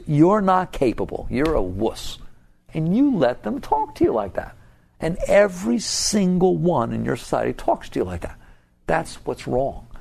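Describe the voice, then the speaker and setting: An older man giving a spiritual talk to an audience, animated and often laughing, his voice jumping high for emphasis. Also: vocal fry. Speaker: spiritual teacher.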